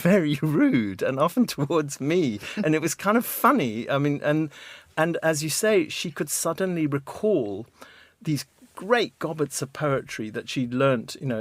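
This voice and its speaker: A middle-aged man from Zimbabwe speaking as a radio interview guest, thoughtful and halting, often restarting his sentences. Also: mid-range voice, no echo. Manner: halting, with frequent restarts and "you know". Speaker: memoirist guest. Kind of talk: reflective conversational interview. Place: radio studio.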